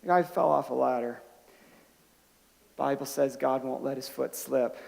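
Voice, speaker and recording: A man's voice: medium pitch, a little slow, vocal fry, a little mellow. A man preaching a sermon as pastor, telling stories in a conversational way with restarts and rising to emphatic bursts on key points. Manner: conversational storytelling with frequent restarts. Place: church sanctuary. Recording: long hall reverb.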